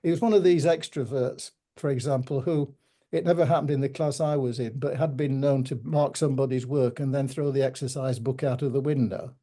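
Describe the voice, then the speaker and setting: An older man with a Yorkshire accent, telling stories in a measured, reflective way with gentle humour during an interview. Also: medium pitch, steady tone. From Yorkshire, England. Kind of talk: reminiscing conversation.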